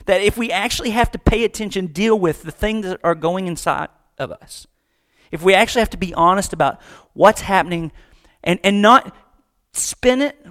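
Guy preaching a chatty sermon, bit of a higher voice, jokes around. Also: moderate pace, a bit bright. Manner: conversational, joking, acts out voices. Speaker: pastor.

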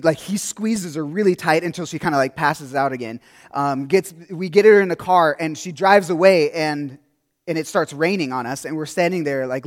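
Young male preacher, slightly high voice, loose conversational sermon storytelling. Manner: casual, rambling storytelling with many restarts and "like".

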